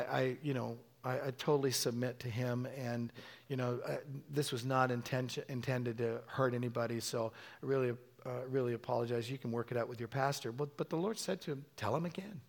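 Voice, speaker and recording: Man, middle-aged, preacher, lively storytelling sermon, voice leaps high for acted-out lines. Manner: animated storytelling, acting out quotes with sudden high-pitched bursts.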